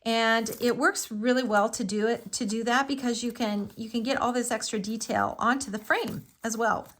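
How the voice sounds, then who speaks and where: A middle-aged woman with a fairly high voice walks viewers through a live craft project. She chats along enthusiastically, filling pauses with little ums as she works. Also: fairly even intonation, fairly bright tone. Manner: chatty and enthusiastic, with frequent fillers. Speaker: crafting tutorial host.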